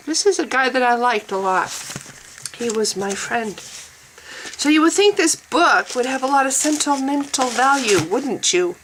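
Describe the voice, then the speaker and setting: A woman's voice: sits high, expressive, normal speed, fairly bright tone, a little hiss or hum, poor audio. A middle-aged woman talking bluntly and profanely in a casual vlog monologue, laughing often. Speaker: vlogger.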